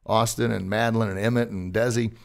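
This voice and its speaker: Gravelly upbeat male podcast host. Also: lowish voice, fairly even intonation, a little fast. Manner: upbeat, addresses listeners as folks. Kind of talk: casual motivational chat.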